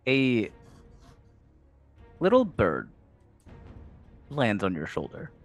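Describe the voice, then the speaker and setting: A man narrating and running a tabletop game as game master, low-key in manner. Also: huge pitch swings, soft background music. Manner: slow, low-key narration with put-on character voices.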